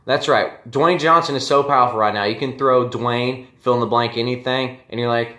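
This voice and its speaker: A man's voice: mid-range voice, steady tone, moderate pace, sharp tone, roomy sound. A man hosting a casual fantasy baseball league recap, brash and joking, talking straight to his league mates and swearing freely. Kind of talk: casual solo commentary.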